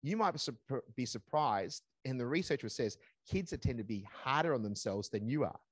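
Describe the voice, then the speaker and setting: A man's voice: mid-range voice, expressive, moderate pace, slightly rough, no echo. A man presenting a live parenting seminar, emphatic and repeating his key phrases.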